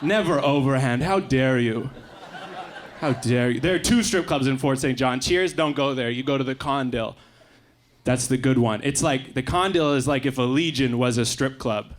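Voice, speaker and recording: A young Canadian man performing a stand-up set in a comedy club, with quick deadpan asides. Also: medium pitch. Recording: live club recording with faint crowd noise. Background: faint audience laughter.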